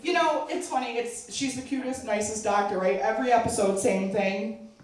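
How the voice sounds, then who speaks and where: A middle-aged woman performs stand-up comedy at a charity event, chatty and self-deprecating, often laughing at her own jokes. Her voice is on the high side and her pace moderate. The hall echoes and she's recorded from a distance.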